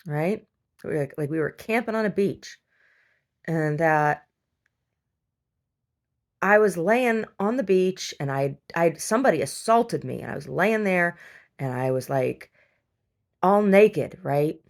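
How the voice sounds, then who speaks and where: Low, gravelly woman chatting casually. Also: animated, slow pace, pauses often. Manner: chatty, heavy use of fillers and restarts. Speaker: podcast host. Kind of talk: casual rambling storytelling.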